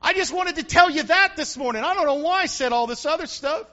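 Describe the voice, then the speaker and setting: High-voiced fervent preacher. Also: male voice, expressive, a little fast, lo-fi sound. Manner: preaching with rising fervor, shouting at peaks. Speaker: pastor. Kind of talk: sermon. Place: church.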